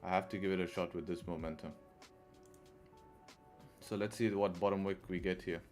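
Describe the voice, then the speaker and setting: A man's voice: sits low, fairly even intonation, moderate pace, darkish tone, faint music behind. A man giving live trading commentary on a stream, talking to his viewers and laughing often in frustration. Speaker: forex trader live streamer.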